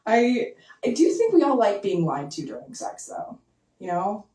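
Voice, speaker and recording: A young woman doing a stand-up set in a basement club, talking casually and deadpan, full of likes and ums. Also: mid-range voice, moderate pace. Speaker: stand-up comedian. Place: basement comedy venue with audience. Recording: echoey basement, mic heard from a distance.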